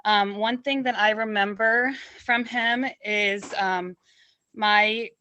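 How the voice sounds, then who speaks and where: A woman's voice: mid-range voice, steady tone, slow, sharp tone, lo-fi sound. A woman speaking at an online memorial, sharing a memory hesitantly with many fillers. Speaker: family member at a memorial. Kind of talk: casual remembrance. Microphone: video call.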